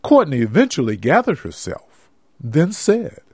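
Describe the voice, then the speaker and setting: A man's voice: on the high side, wildly swooping pitch, unhurried, darkish tone, husky, no room sound, studio quality. A man giving scripted narration for an amateur audio drama, in a plain storytelling manner.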